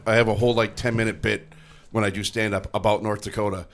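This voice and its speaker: A man's voice: on the low side, level tone, quick pace, fairly bright tone. A man in casual podcast chat, telling stories and dropping into put-on voices for the people he quotes. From northeastern United States. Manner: storytelling with put-on voices, profane. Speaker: podcast co-host.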